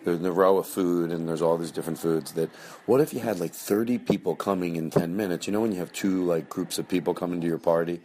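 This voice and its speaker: Casting: a middle-aged male podcast host with a low voice, loose and joking, chatting off the cuff. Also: fast talker, darkish tone. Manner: loose and joking, breaks into high mocking voices for bits. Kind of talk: casual rambling monologue.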